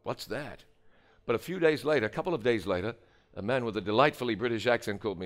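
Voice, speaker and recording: Man, New Zealand accent, lively storytelling preacher, sweeping pitch, humorous. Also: quick pace. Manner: animated, humorous, acts out dialogue. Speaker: preacher giving a testimony. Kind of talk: storytelling sermon.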